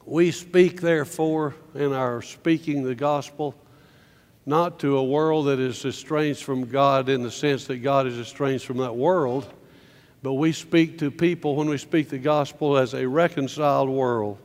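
A man's voice: medium pitch, fairly even intonation, measured pace, darkish tone, big-room sound. A man preaching a sermon from slides, earnest, often repeating words as he builds a point.

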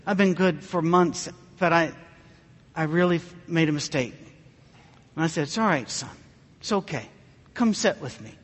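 A man with a high-pitched voice preaches in an earnest, conversational storytelling way, pausing as the story turns emotional. His voice trails off into the long reverb of a church sanctuary. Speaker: pastor. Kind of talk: sermon storytelling.

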